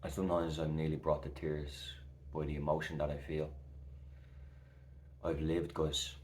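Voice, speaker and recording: A man in his thirties speaks straight to camera in a very deep, even voice. He talks in an earnest, reassuring way, loose and full of fillers. The room around him sounds echoey. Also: fairly quick, a little hiss or hum. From Ireland. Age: 30s. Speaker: recovery coach vlogger. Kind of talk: heartfelt casual talk to camera.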